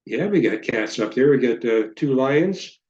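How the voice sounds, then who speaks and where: A man's voice: mid-range voice, animated, measured pace, a little mellow. Male guest presenter, jokey rambling storyteller, dull echoey video-call sound. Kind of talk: casual slideshow talk.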